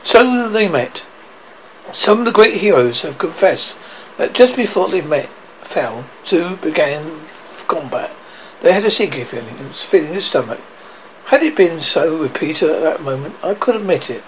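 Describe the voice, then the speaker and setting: A man's voice: a little high, lively intonation, normal speed, slight background noise, poor audio. A man reading a children's novel aloud, often tripping over words and correcting himself. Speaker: reader.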